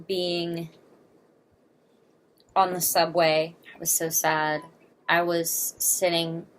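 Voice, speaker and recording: A woman in her twenties talks to camera in a personal confessional vlog, earnest, candid, emotional and blunt. Her voice is deep, with a little hiss or hum in the recording.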